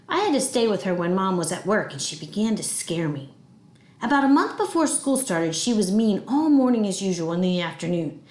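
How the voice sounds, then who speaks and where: A woman reads a children's chapter book aloud with lively, expressive storytelling. Her voice sits at a middle pitch. The recording has an echoey room sound. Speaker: audiobook reader. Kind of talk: reading a children's novel aloud.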